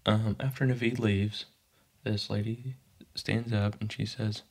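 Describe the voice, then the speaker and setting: A man casually recapping a TV episode, narrating scenes and briefly acting out quoted lines. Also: lowish voice. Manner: animated, pops into quick character voices for quotes. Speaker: podcast host recapping a TV episode.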